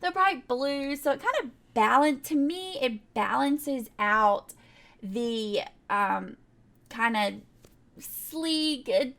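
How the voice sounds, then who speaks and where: Young gal rambling thru a game build voiceover, pretty high voice, lots of ums. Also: female voice, expressive, slow pace, fairly bright tone. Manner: chatty and rambling, with frequent laughs and fillers. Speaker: game builder narrating a speedbuild. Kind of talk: casual voiceover chat.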